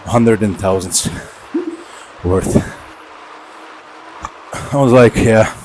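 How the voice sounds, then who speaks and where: A man's voice: lowish voice, drawn-out words, noisy background. Chatty man, winded mid-workout. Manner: rambling, chatty storytelling. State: slightly out of breath from cycling. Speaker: vlogger. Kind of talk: casual storytelling during a workout. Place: indoor training setup at home.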